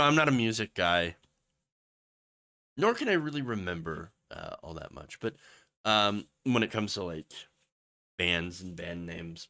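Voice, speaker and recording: A man's voice: mid-range voice, gravelly, sharp tone. A man hosting a political commentary livestream, ranting with sarcasm and then rambling through viewer messages. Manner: impassioned, ranting, with sarcastic mock quotes; rambling asides with fillers, reads chat messages.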